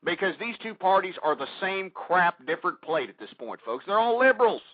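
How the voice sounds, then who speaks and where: A man's voice: high-pitched, big pitch swings, brisk, no room sound. A man with a Texan accent hosting a political talk radio show, ranting heatedly, swearing and repeating himself. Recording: dull lo-fi radio recording.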